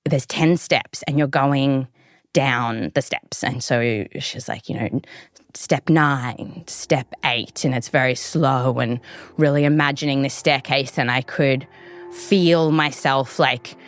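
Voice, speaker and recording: With an extremely low voice and a slightly slow pace, an Australian podcast host tells a chatty story full of likes, ums and other fillers. The recording is dry and studio-clean.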